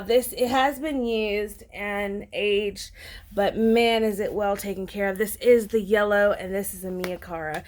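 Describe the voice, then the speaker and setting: A woman vlogging an unboxing in a casual, gushing, excitable way, with lots of ums. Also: mid-range voice. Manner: gushing and excitable, many fillers. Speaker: planner vlogger.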